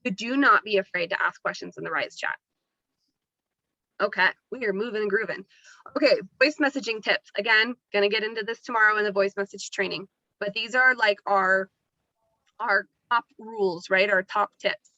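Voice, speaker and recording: A woman's voice: mid-range voice, normal speed, bright, forceful tone, no room sound, muffled recording. A woman leading a Zoom training call for her team, upbeat and chatty, talking with her hands as she coaches new members. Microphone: laptop mic on video call.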